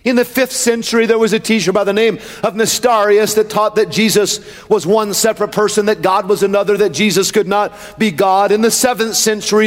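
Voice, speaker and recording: A man's voice: sits high, big-room sound. A male preacher delivering a sermon with a rhythmic build that swells into a sing-song chant.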